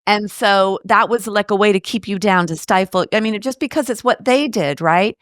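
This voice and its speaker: With a mid-range, slightly bright voice at normal speed, a woman from the United States in her late fifties talks lively and casually as an interview guest. She tells stories with rhetorical asides, and the studio recording is clean with no echo.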